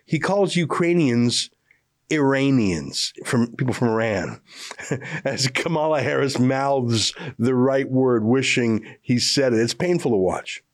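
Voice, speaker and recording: A man's voice: mid-range voice, slow pace. A man hosting a political commentary show, delivering scripted remarks in a scornful, emphatic way.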